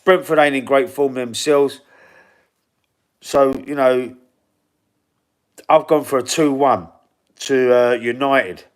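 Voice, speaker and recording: A man's voice: mid-range voice, steady tone, slow pace, long pauses. A middle-aged man with a London Cockney accent, casually chatting through football predictions on a livestream and reading viewer comments aloud. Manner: chatty, reads out viewer comments and predictions, stumbles and repeats words. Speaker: football channel host reading live chat.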